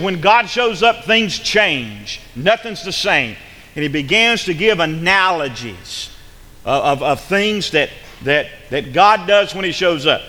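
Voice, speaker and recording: A man preaching a sermon with emphatic delivery, repeating words and swinging from loud bursts to hushed tones. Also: high voice. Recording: hall reverb.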